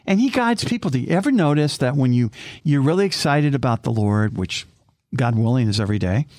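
A man's voice: medium pitch, expressive, brisk, a little mellow, no echo, clean studio sound. A man co-hosting a faith conversation, exhorting listeners with emphatic rhetorical questions. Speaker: co-host.

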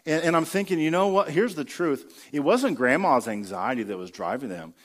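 A man's voice: on the high side, lively intonation, moderate pace. A man giving a sermon in a conversational preaching style, asking the congregation rhetorical questions. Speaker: pastor.

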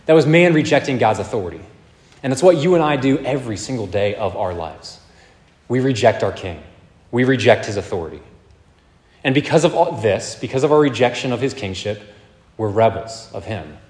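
Pastor, thirties, emphatic sermon voice, recorded in a roomy church hall. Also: male voice, mid-range voice, expressive, fairly quick, a little mellow. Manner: earnest, emphatic preaching with swings in volume. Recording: echoey hall, long reverb.

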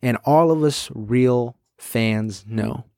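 A man hosting his own podcast, chatting casually and excitedly, with many fillers and quick quoted asides. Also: medium pitch, clean tone, dry recording, studio quality. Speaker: podcast host. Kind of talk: casual solo podcast chat.

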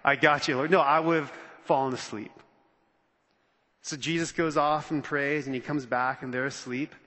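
A man preaching a sermon as pastor, animated and conversational, acting out the quotes he reads. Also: mid-range voice, unhurried, big-room sound.

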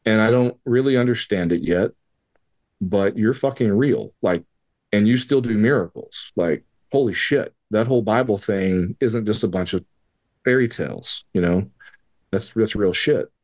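This podcast guest has a fairly low voice with a darkish tone and keeps a moderate pace. He tells a story from his own life, cursing casually and voicing the dialogue with quotes, as conversational storytelling.

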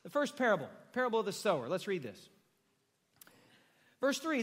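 A man preaching a sermon to a congregation in a room, dramatic, swinging from loud emphasis down to hushed near-whispers. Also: high-pitched, wildly swooping pitch, normal speed, long pauses. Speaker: pastor. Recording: reverberant hall sound.

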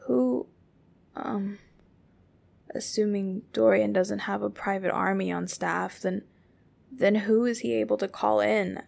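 A scared young woman speaks in a hushed, breathy near-whisper, shaken but blunt, as a woman reading a story puts her on. Her voice has a gravelly edge, and she keeps it low and quiet. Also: fairly even intonation, slow, long pauses, full character voice.

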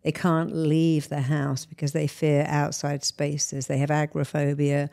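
A woman's voice: sits low, monotone, a little slow, gravelly, darkish tone. A middle-aged woman therapist answering interview questions, explaining her method through examples and analogies. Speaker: therapist and hypnotist guest.

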